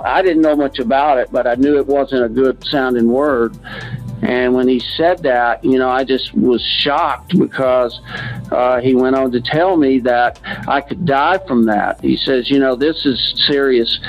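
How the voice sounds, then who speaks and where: A man's voice: medium pitch, unhurried. A man guest on a podcast telling a personal story in a plain-spoken way. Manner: plain-spoken, acts out quoted doctors. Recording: dull lo-fi sound with faint music.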